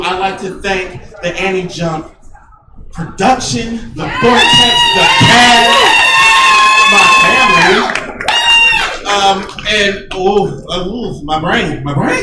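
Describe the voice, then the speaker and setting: Laughing man, high lively voice. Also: very noisy. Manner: emotional, laughing, rambling and effusive. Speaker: award-winning stage actor. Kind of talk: unprepared acceptance speech. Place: theater hall before a live audience. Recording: echoey hall, distant mic, loud crowd.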